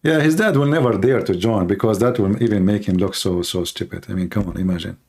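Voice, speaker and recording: Hoarse, combative man hosting a livestream. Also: lowish voice, fast talker, darkish tone. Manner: mocking, combative, repeats points rhetorically. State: hoarse, tired voice with coughing. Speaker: livestream host debating callers. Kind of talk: heated live-stream call-in debate.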